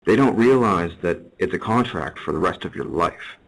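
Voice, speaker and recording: A man's voice: low voice, expressive, moderate pace. A man explaining at length in a casual interview, earnest and rambling. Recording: noisy recording with ambience.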